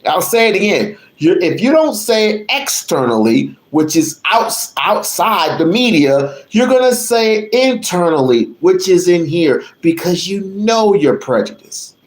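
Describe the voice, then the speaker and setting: A man hosting his channel, delivering a profane, repetitive rant that builds to shouting. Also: sits high, very animated, unhurried, hardly any pauses. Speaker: channel host. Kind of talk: ranting commentary. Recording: roomy echo.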